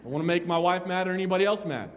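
A young man preaching to a roomful of listeners, swinging between loud, slow emphasis and quiet joking asides. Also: high voice. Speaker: pastor. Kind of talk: sermon. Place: large room with an audience. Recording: long hall reverb.

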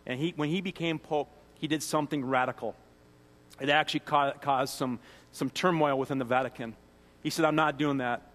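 A man's voice: on the high side, steady tone, fairly quick, fairly bright tone. A man giving a sermon as a pastor, earnest and conversational, often restarting phrases. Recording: long hall reverb.

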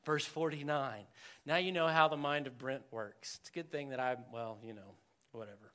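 A male pastor preaching a verse-by-verse sermon, animated and joking as he speaks to his congregation. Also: mid-range voice, moderate pace.

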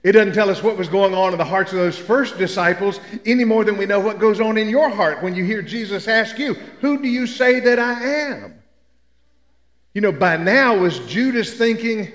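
High-voiced older preacher, echoing. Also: male voice, moderate pace, fairly bright tone. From Memphis. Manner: folksy storytelling with humor. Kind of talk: sermon. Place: church sanctuary. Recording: echoey church hall.

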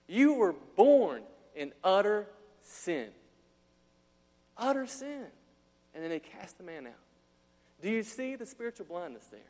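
A man preaching a sermon, acting out the people in his story and dropping casual slang asides. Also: high voice. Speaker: pastor. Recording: long hall reverb.

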